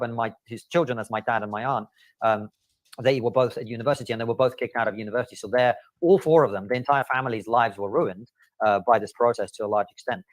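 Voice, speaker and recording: A man's voice: mid-range voice, no echo. A man from the former Soviet Union, telling his family's story as a podcast guest, earnest and filler-heavy. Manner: fast, earnest recounting with frequent fillers. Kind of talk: interview clip, storytelling.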